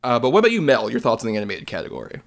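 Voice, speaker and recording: A man hosting a podcast roundtable, brisk and handing the floor to his guests. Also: mid-range voice, huge pitch swings, creaky. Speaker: podcast host. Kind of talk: casual roundtable chat.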